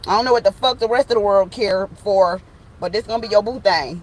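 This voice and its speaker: A woman's voice: medium pitch, brisk, rough recording. Slangy, joking woman tarot reader. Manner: slangy, profane, joking, acts out little scenes. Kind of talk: casual online tarot reading. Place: in a parked truck with the window open.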